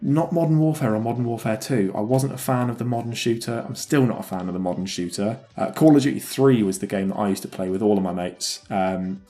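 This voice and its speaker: A man's voice: lowish voice, a little fast, hardly any pauses, dark tone, soft background music. A man hosting a gaming podcast, chatting casually and telling stories, often restarting sentences and swearing now and then. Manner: rambling, self-correcting, swearing, laughs at own stories. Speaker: podcast host. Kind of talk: casual storytelling chat.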